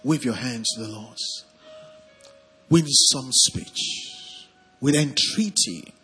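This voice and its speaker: A high, lively Nigerian man preaching a sermon, his bright voice a little husky as it swings up and down while he urges the congregation to answer. It is caught with a long reverb in a church hall, with faint music underneath. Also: takes it slowly, long pauses. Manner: animated, calls on congregation to respond. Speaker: pastor. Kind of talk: sermon with prayer.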